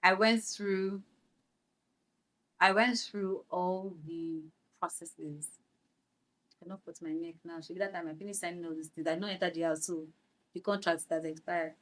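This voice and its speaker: A young Nigerian woman with a Nigerian accent, a guest on a podcast, telling her story in a lively way, slipping into Pidgin phrases and laughing. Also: lowish voice, normal speed, long pauses. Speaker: guest actress. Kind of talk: podcast interview.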